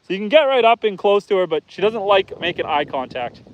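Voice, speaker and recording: Out on his farm, a man runs a casual live stream, talking with his audience, reading out their comments, and hollering to his animals. He has a high, sing-song voice and speaks a little fast, and the sound is dull.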